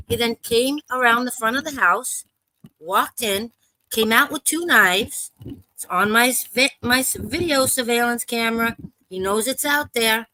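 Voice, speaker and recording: A woman with a bright, forceful voice tells her story on a live open panel. Her words come urgently and haltingly, with stumbles, restarts and blunt swearing. The sound is close and dry. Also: a little high, no echo, poor audio. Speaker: panel caller. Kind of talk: casual live panel discussion.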